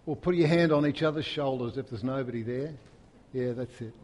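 A man preaching a sermon in a church, swinging from loud, emphatic peaks to soft, hushed stretches. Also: mid-range voice, brisk, long reverb tail. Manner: impassioned, rising to loud emphatic peaks then dropping soft. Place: church hall.

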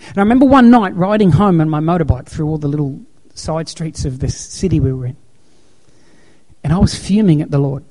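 A man's voice: on the high side, a little fast, dark tone. A man preaching a sermon as pastor, telling stories in an emphatic, repetitive way.

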